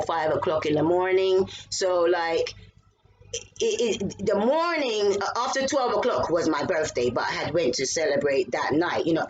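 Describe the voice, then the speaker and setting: A middle-aged woman with a British accent, telling a personal story in a lively way, swearing and breaking into shouts. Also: on the low side, dull audio. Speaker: vlogger.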